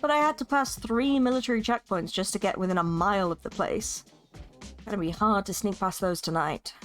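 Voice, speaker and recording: A woman's voice: mid-range voice, brisk, fairly bright tone, faint music behind. A woman streaming herself as she plays and narrates a story game, playful and jokey, laughing often. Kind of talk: narrating and playing a game live.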